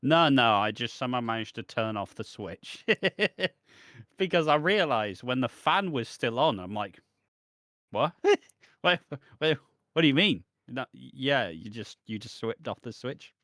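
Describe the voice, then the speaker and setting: A man with a British accent co-hosting a podcast, recapping soap episodes in animated, casual chat with laughter. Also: medium pitch, measured pace, no echo, studio quality. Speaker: podcast co-host.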